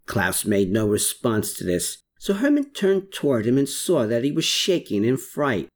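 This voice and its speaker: Audiobook narrator, scripted storytelling, lively pitch, middling tone. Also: normal speed, hardly any pauses. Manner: expressive storytelling.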